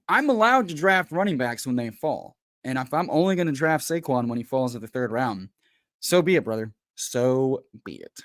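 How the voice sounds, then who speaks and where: A man's voice: mid-range voice, animated, normal speed, dry recording, studio quality. Hyped, folksy man hosting a livestream. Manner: hyped and folksy, keeps calling people brother; bursts into loud shouted pep talk. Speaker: host. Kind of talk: casual livestream chat. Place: home.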